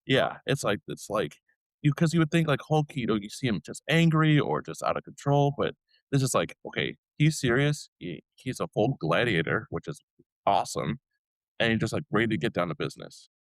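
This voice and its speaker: A man's voice: on the low side, very animated, brisk, no room sound. A young man chatting as a podcast guest, rambling with lots of filler words. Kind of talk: casual chat.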